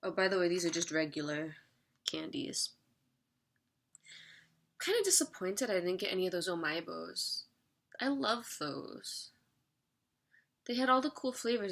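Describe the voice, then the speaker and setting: Bright-voiced chatty young woman. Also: lowish voice, lively intonation, normal speed, long pauses. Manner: chatty, giggly, talks while eating. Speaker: unboxing vlogger. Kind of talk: casual unboxing chat.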